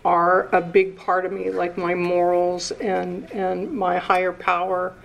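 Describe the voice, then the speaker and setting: A woman in her sixties sharing her recovery story at a meeting, nervous and emotional, halting and starting over, with the odd curse. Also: lowish voice, little pitch movement, creaky, poor audio. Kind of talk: personal recovery share.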